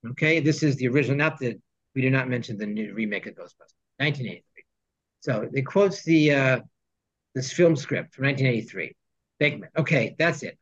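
A man's voice: mid-range voice, lively intonation, a little fast. A man teaching a text study class, reading Hebrew phrases and explaining them in English with joking asides. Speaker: Torah teacher. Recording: dull lo-fi sound.

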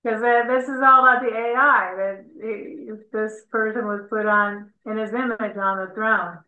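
A woman's voice: fairly high pitch, fairly even intonation, moderate pace. Woman's voice, tinny and echoey. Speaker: class participant. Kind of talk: casual chat.

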